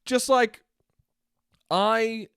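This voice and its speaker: A man's voice: very high voice, fairly even intonation, extremely slow, vocal fry, fairly bright tone, clear, resonant tone, no room sound, clean studio sound. A young man hosting a solo podcast, telling a rambling, profane, self-deprecating story in a casual monologue. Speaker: podcast host.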